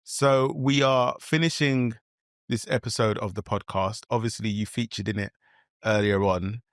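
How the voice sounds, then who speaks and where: A man's voice: on the low side, steady tone, moderate pace, no room sound, studio quality. A man co-hosting a podcast, leading the casual chat in an easygoing way. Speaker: podcast co-host.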